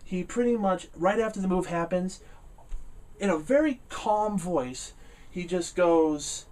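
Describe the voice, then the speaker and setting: A man talks through a wrestling show in a loose, rambling way, full of "uh" fillers and quick laughs. His voice sits a little high for a man and a little back from the mic. When something annoys him he gets loud and animated. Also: distant mic. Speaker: wrestling reviewer. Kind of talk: casual spoken review.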